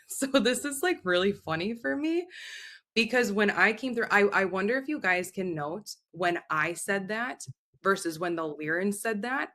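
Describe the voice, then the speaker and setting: A woman's voice: medium pitch, animated, a little slow, a bit bright. A woman hosting a live channeling session over a video call, talking loosely and casually and swearing freely. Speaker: host and channeler. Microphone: video call mic.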